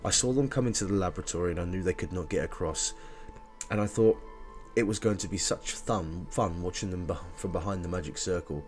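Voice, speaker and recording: A small, childlike female guardian creature, voiced by a man, eager and fretful. She talks about herself by name and mangles her grammar in a higher, wavering tone over a naturally deep voice. The voice stays lively with faint music behind it. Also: natural voice.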